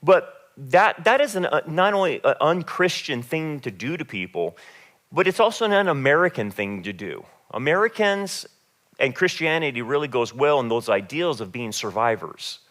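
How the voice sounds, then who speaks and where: A man's voice: on the high side, big pitch swings, moderate pace, a bit bright. A man preaching a sermon as pastor, emphatic and repeating phrases for stress.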